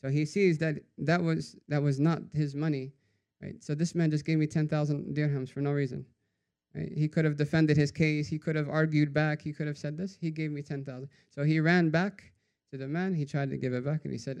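Smooth-voiced man telling a sermon story. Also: fairly high pitch, flat delivery, brisk, darkish tone. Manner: conversational, says "right?" after nearly every phrase. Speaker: religious teacher.

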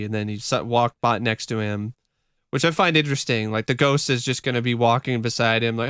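A man's voice: medium pitch, a little fast, clean tone, no echo, clean studio sound. A man co-hosting a podcast, recapping a ghost show in casual chat, often laughing and joking as he tells it. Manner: laughs often, relaxed storytelling with joking asides. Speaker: podcast co-host.

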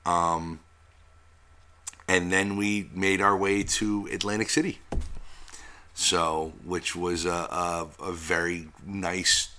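Guy on a podcast with a lowish voice, rambles and says um a lot, bright tone. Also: slow, pauses often, a little hiss or hum. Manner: relaxed, rambling with fillers and swearing. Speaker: podcast co-host. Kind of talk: casual chat.

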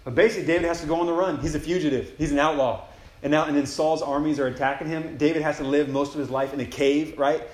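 Fast-talking man giving a casual sermon. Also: a little high. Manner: animated storytelling with slangy asides. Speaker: campus ministry speaker. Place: retreat meeting room. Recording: echoey room with faint ambience.

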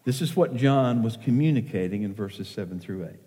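A man's voice: fairly low pitch, animated, normal speed, dark tone. A middle-aged man preaching a sermon as pastor. He speaks earnestly and reads verse with feeling. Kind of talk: sermon with poetry reading. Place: church sanctuary. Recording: long reverb of a church hall.

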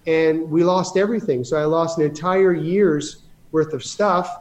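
A man's voice: on the high side, fairly even intonation, moderate pace, a little mellow, a little hiss or hum. A man telling rambling stories about running his business in a casual interview, with many restarts. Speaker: guest.

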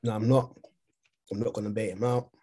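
A man with a low, slightly husky voice talks through a podcast discussion over a remote call. He speaks casually and haltingly, restarting and repeating words while he works out his point. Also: fairly even intonation, mellow. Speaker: podcast co-host.

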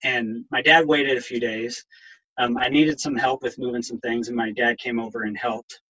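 Middle-aged male guest, husky and bright, halting and emotional personal storytelling. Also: medium pitch, fairly even intonation, dull audio. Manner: halting, many ums, voice catching with emotion. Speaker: guest, counselor and veteran in recovery.

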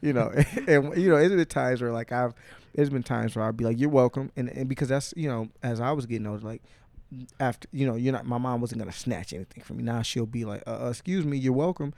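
This podcast host has a mid-range voice with vocal fry and a quick pace, recorded without room sound. He swears constantly while spinning lively stories, acting out quotes in put-on voices.

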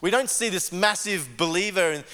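Male pastor, high bright voice, earnest conversational sermon full of restarts, long hall reverb. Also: expressive, normal speed. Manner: earnest, stumbles and repeats words. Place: church service.

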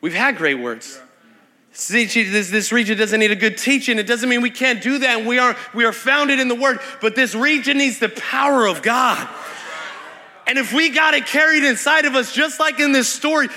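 A young man preaching an energetic Pentecostal sermon with call-and-response, fast and excited, repeating words and shouting to the crowd in a large church hall. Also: very high-pitched. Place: large church hall at a live worship night. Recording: long hall reverb from a live event.

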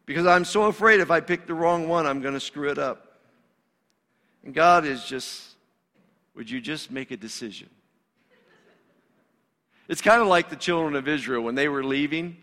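A man's voice: a little high, normal speed, bright, forceful tone. A male pastor delivering a sermon in a conversational, emphatic way, in a church sanctuary. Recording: long reverb of a large hall.

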